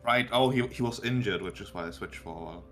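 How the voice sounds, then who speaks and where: A man playing a video game with friends, speaking in a measured way with hesitant fillers as he explains things. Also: on the low side, vocal fry, fairly bright tone, faint music behind. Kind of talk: casual gaming chat.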